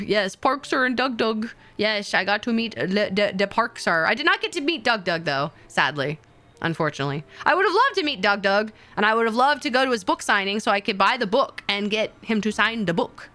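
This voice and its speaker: Bright-voiced, excitable young woman streamer. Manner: rambling and excitable, full of fillers, jumps into high squeals. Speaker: VTuber streamer. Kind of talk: casual stream chat with viewers.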